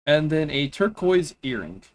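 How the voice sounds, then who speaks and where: A man narrating a tabletop game as its game master, his voice pitched a little high. He talks haltingly, restarting his sentences and laughing between lines. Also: sing-song.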